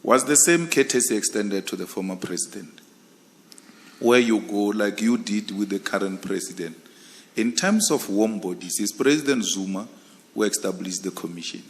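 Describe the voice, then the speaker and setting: A man who is a commissioner, questioning a candidate at a formal hearing in a forceful, insistent way. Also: fairly low pitch, lively intonation, normal speed, big-room sound. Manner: forceful, insistent, emphatic repetition.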